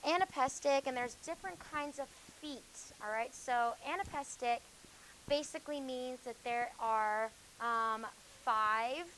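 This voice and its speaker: A woman teaching a high school English class. She explains with many fillers and self-corrections and keeps hushing her students. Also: slight background noise, low-quality recording. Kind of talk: classroom lecture.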